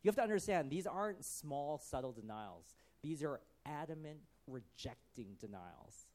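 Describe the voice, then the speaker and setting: A man preaching, reading scripture and retelling it in casual commentary with acted-out voices, swinging from loud to hushed. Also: fairly high pitch, very animated, moderate pace. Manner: acts out quotes in varied voices, conversational asides. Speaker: pastor.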